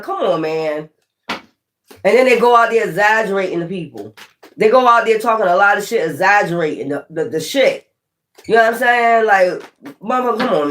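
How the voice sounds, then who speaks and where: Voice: medium pitch, a bit bright. A tarot reader talks straight to viewers in a live reading. The delivery is blunt and peppered with swearing. Points get repeated and pressed hard. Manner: blunt, profane and emphatic, with lots of repetition.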